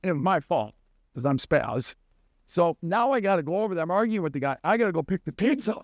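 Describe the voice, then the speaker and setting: A man with a notably high voice tells long, rambling stories as a comedy podcast host. The sound is dry and close, with no room echo. He talks loosely, in casual chat. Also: very animated, fast. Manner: rambling anecdotal storyteller.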